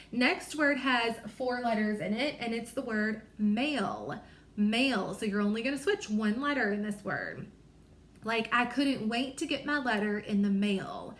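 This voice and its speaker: A woman teacher running a small-group phonics lesson, her voice sitting a little high. She stretches out letter sounds slowly and carefully, cheering the children on as she goes. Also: expressive, a bit bright, roomy sound. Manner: apologetic, encouraging. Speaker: reading teacher.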